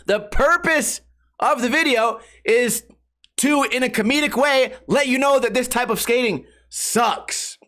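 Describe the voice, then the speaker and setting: A man's voice: extremely high pitch, unhurried, pushed and bright. A young man hosting a solo podcast, ranting sarcastically with lots of swearing and mocking impressions of commenters. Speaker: podcast host.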